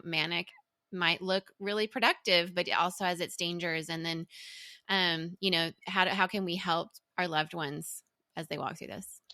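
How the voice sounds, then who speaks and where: A woman hosting a podcast, her voice bright and fairly low-pitched. She asks questions gently and keeps encouraging her guest, recorded close and dry. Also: dry recording. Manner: supportive, frequent soft affirmations. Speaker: podcast host. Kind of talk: interview host.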